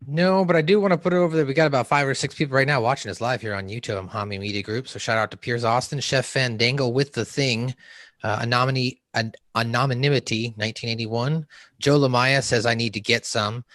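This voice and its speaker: A man's voice: mid-range voice, steady tone, fairly quick, a bit bright, no room sound, clean studio sound. A man guesting on a podcast, joking bluntly and talking animatedly. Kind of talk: casual podcast chat.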